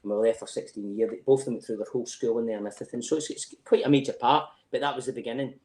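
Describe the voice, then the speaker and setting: Man, Scottish accent, middle-aged, rapid talk, echoey room, rambling, sweary. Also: medium pitch, dark tone. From Scotland. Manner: rambling storyteller, swears freely, frequent "do you know what I mean". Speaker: podcast guest. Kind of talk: casual chat.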